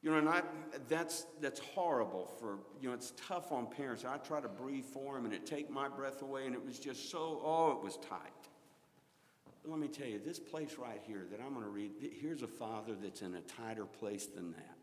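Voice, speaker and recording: A middle-aged man preaching a sermon, swinging between loud exclaiming and quiet storytelling. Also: mid-range voice, moderate pace, long reverb tail.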